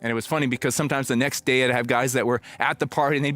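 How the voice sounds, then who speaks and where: Middle-aged guy preaching, just telling a story casual-like, medium voice, bit of music low in the back. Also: fairly even intonation, very fast, fairly bright tone, no echo. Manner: conversational, reflective storytelling with acted-out quotes. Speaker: pastor. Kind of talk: storytelling sermon.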